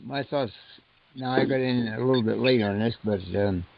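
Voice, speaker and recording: An older man speaking haltingly on a group call, pausing and clearing his throat often. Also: medium pitch, fairly even intonation, no echo. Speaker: call participant. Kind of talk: casual discussion on a conference call. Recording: dull lo-fi call audio.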